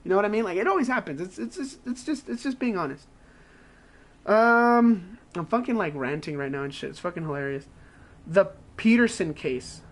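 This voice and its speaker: A man streaming games who rants in a casual, rambling way, swearing constantly and acting out his own reactions in quick asides. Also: sits high, lively intonation. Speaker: game streamer. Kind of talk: casual profane gaming rant.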